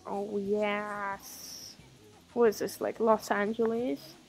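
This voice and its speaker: Sarcastic woman with a gravelly voice. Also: medium pitch, fairly even intonation, slow, a little mellow, soft background music. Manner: sarcastic, mocking asides, swears casually. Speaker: streamer playing a game. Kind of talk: casual gameplay commentary.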